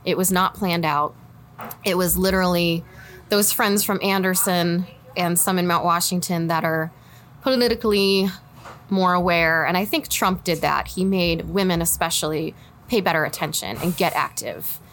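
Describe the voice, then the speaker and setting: A woman in her forties with a Midwestern American accent, speaking in a slightly low voice. She tells her story in a relaxed interview, with lots of laughter and acted-out lines for the people she quotes. A faint hum sits under her voice. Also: moderate pace. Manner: animated, laughs often, acts out quoted friends. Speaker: political candidate guest.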